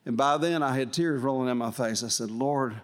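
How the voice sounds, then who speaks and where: A man's voice: mid-range voice, normal speed. Older guy preaching, folksy storytelling, lots of uhs, gets choked up telling it. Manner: folksy, emotional testimony with many fillers and restarts. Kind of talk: sermon storytelling.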